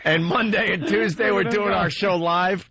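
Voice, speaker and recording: A male radio host telling a story in casual banter, animated and quick to laugh. His voice sits a bit high. It comes through dull radio broadcast audio. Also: crowd noise.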